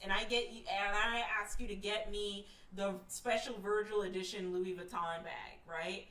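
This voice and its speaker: A woman's voice: medium pitch, moderate pace, fairly bright tone, distant mic. A frank, emphatic woman chats as a streamer, reacting to stories she reads aloud. She swears casually and breaks into laughter often. Her voice is set a little back from the mic in a room with a noticeable echo. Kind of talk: casual commentary while reading online stories. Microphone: streaming setup.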